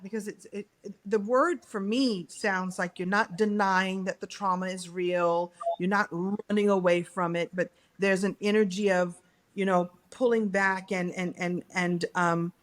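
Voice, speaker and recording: A woman from Brooklyn hosting a podcast interview, talking with lively, drawn-out emphasis. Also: medium pitch. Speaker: podcast host. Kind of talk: enthusiastic interview chat.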